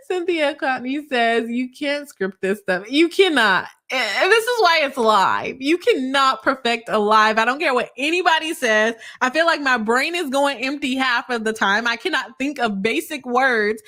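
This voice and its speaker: A woman's voice: high voice, pushed and bright. A woman hosting a casual live stream, reading out viewer comments and laughing often between her remarks.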